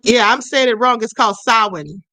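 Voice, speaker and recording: A woman's voice: on the high side, normal speed, sharp tone, no echo. A woman hosting a spirituality live stream, explaining at a conversational pace, reading viewer comments aloud and often checking in with "okay".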